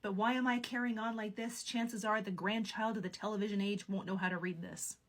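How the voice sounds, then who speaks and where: A woman's voice: mid-range voice, steady tone, a little fast. A woman hosting a video, giving scripted narration with playful, wry asides. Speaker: video host.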